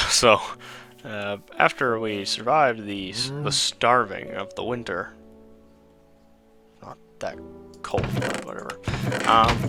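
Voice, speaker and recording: A man's voice: on the low side, creaky. A man casually commenting while playing a building game, rambling, correcting himself and talking to his viewers. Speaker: gaming channel host.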